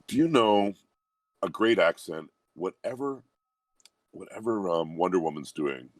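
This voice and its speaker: A man with a very low, deep voice talks about his work in an easygoing interview. He sounds humble and reflective. His voice is dry and close, with no room echo. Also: expressive, a little slow. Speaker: guest voice actor. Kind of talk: relaxed interview conversation.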